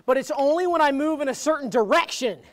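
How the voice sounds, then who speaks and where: A man hosting an improvised comedy show, rambling to his chat and yelling in mock pain. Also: extremely high pitch, quick pace.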